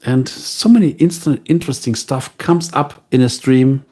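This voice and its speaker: A man with a German accent hosting a livestream, chatting casually and directly with his viewers in a relaxed, unhurried way. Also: mid-range voice. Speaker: livestream host.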